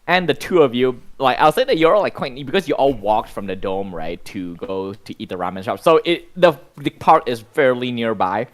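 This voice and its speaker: A man's voice: mid-range voice, big pitch swings, moderate pace, few pauses. A man narrating as game master of a tabletop role-playing game, rambling with many fillers.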